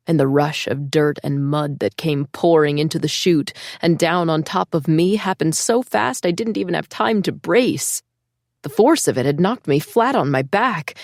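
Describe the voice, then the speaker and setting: A woman's voice: fairly low pitch, a little mellow, no room sound, clean studio sound. Woman narrating an emotional audiobook. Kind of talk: scripted first-person audiobook narration.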